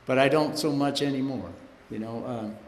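A man's voice: mid-range voice, moderate pace, a little hiss or hum. A man sharing his personal story at a recovery meeting, rambling and conversational, often saying "you know" and laughing through his anecdotes. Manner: laughs while telling stories. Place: meeting room. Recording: echoey hall, faint room ambience.

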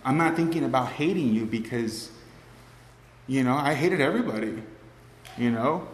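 A man's voice: medium pitch, lively intonation, normal speed. Guy sharing his story at a meeting, rambly and emotional, lots of "you know, right", big echoey hall w/ faint room hum. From Cuban family. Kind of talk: personal testimony to a group.

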